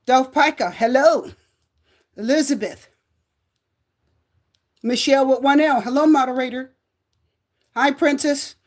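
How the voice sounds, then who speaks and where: High-voiced woman tarot live-streamer. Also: measured pace, pauses often. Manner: greets viewers by name, sing-song and drawn out. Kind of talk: casual live-stream chat.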